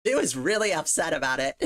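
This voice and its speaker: Woman streamer, casual chat, slightly low voice, rambling and giggly, home desk mic. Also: very animated, brisk. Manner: rambling, lots of "like", giggles often.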